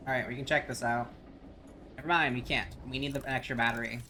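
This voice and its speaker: A man's voice: medium pitch, steady tone, fast, bright, forceful tone. Man, casual game commentary, joking and playful; faint noise behind. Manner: playful, joking, stumbles reading aloud. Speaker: gaming streamer.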